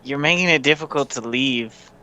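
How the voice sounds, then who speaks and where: Man, tabletop player, stiff formal diction, bright clear voice. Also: mid-range voice, moderate pace, highs cut off. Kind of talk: in-character role-play.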